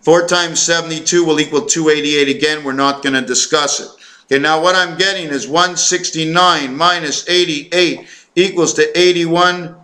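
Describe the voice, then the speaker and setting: A vlogger with a fairly high-pitched, sharp voice rambles to the camera about numerology, keeping a steady tone while interrupting and correcting himself. He stumbles over words and fills gaps with "uh" and "um," sounding hesitant. He also rattles off long, run-on chains of numbers at a hurried clip.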